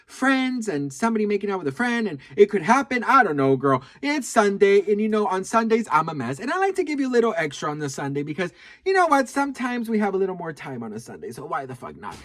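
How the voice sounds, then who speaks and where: A man telling a gossipy story to camera, sassy and animated, swearing freely and calling his viewers "girl.". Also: high voice, fast, few pauses. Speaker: video creator.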